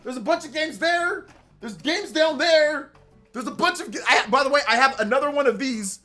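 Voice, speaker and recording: A man hosting a casual gaming live stream, excitable, repeating himself and laughing at himself as he talks. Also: extremely high pitch, moderate pace, faint music behind.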